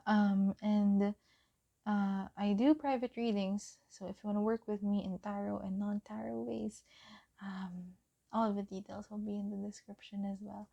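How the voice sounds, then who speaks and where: A young woman giving a pick-a-card tarot reading, gentle and encouraging, often giggling and saying um. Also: medium pitch, fairly even intonation, normal speed, gravelly, highs cut off. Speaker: tarot reader.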